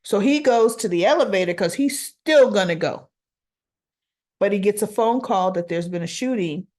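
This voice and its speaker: Woman, soap recap host, casual chat, animated retelling, mid pitch. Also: moderate pace. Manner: animated retelling that acts out characters' lines.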